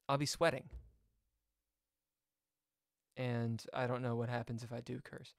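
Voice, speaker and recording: A man's voice: medium pitch, level tone, measured pace, vocal fry, pauses often, no echo, clean studio sound. A man chatting casually on a live chess stream, reading viewer comments aloud and jumping from topic to topic. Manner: chatty, jumps between topics, reads chat aloud.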